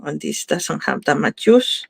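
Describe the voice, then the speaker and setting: A woman's voice: low voice, animated, a little slow, vocal fry, slight background noise. A woman hosting a card-making video, chatting casually and thinking aloud as she works, often stopping to correct herself. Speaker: craft video host. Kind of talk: casual crafting demo chat.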